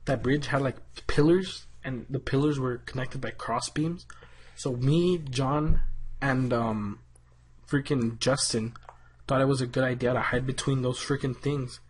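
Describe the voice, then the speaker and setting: A man's voice: mid-range voice, a little slow, a little hiss or hum. A man co-hosting a casual podcast with a friend, telling a story in a loose, profane way with lots of fillers. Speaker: podcast co-host.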